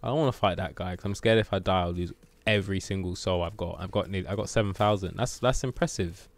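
A man giving lively commentary on his game during a live stream, full of exclamations, sound effects and swearing. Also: low voice, quick pace, no room sound.

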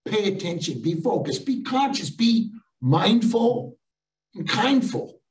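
A man's voice: high-pitched, slow pace. Older man telling jokey stories. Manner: animated and jokey, with punchy one-liners. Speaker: keynote speaker. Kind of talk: comic storytelling talk. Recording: echoey room, voice far from the mic.

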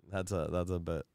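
A man's voice: deep voice, vocal fry, clear, resonant tone, no room sound, studio quality. A man who is a returning guest on a podcast, telling stories in a casual chat with lots of laughter. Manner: animated storyteller, laughing often.

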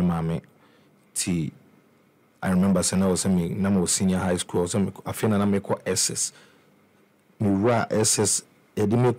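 A young Ghanaian musician with a Ghanaian accent tells his life story as a guest in a casual interview, mixing English with Twi and often restarting and repeating words. His voice is low-pitched and a little mellow.

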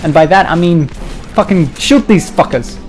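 Crude joking Australian young gamer. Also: male voice, on the high side, expressive, moderate pace, faint music behind. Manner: crude, jokey banter with bursts of fake panic. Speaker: let's-play gamer. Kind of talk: joking gameplay commentary.

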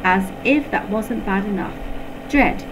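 A woman slowly reading a children's story aloud, with playful sound effects. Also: mid-range voice, background noise.

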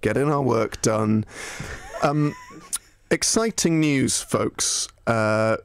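A man's voice: mid-range voice, slow pace, a little hiss or hum. A man with a Bristolian accent co-hosting a comedy podcast, dry and mock-formal as he reads out listener messages. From Bristol, England. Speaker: radio podcast co-host. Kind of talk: casual comedy chat.

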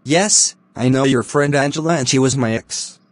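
Brief: man as an earnest boyfriend, mid-pitched, pleading and defensive. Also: moderate pace, dry recording, close to an everyday voice. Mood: explaining. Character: defensive, pleading young fiancé. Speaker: voice actor in animated drama.

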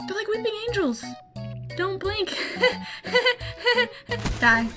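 A young woman streaming a game, reacting with jumpy, excitable commentary and nervous laughter. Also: extremely high pitch, slow, music in the background. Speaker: gaming streamer.

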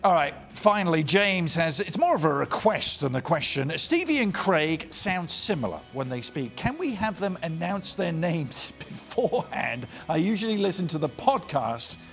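A man hosts a football talk show, his voice sitting a little high and swinging through a lively range. He moves briskly from question to question as a clear music bed plays underneath. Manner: brisk, reads out viewer questions. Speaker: host.

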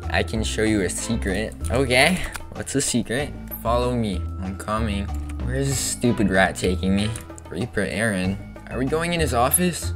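Excitable man giving playful game commentary. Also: lowish voice, moderate pace, over music. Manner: excitable and playful, with sudden loud outbursts. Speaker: gaming video creator. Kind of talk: gameplay commentary.

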